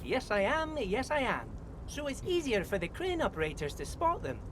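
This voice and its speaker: A man's voice: very high voice, huge pitch swings, normal speed, background noise, voice pushed up, full character voice. A man voicing a small, friendly immigrant dock worker who repeats himself and keeps saying "mister" in a folksy way. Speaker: voicing a game character. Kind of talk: game dialogue read aloud.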